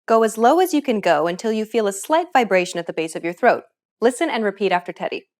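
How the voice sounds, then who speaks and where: A woman narrating a scripted lesson, explaining pronunciation clearly and step by step. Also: medium pitch, lively intonation, quick pace, a little mellow. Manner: clear, instructive. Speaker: pronunciation teacher.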